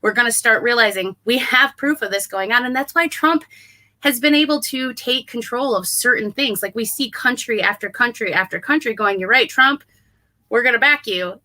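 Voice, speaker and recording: A woman's voice: fairly high pitch, brisk, pushed and bright. A woman co-hosting a casual political talk show, speaking earnestly and hopefully, often adding "right?". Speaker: co-host.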